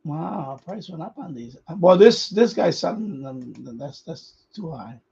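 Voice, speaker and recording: A man's voice: on the high side, lively intonation, a little slow, vocal fry, warm tone, slightly rough, dull audio. A man hosting a radio hobby live stream, chatting casually in a rambling way, repeating himself and chuckling often.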